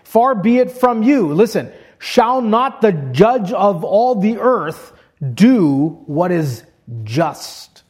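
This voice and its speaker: A man's voice: high-pitched, very animated, slow pace, slightly rough. A man preaching an expository sermon, reading scripture aloud and explaining it step by step in an earnest way.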